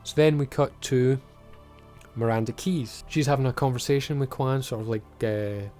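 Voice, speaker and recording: A man's voice: mid-range voice, normal speed, warm tone, faint music behind. A man with a Scottish accent giving a casual, blunt and sweary recap of a TV episode. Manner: blunt, swears freely, chatty. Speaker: TV show reviewer.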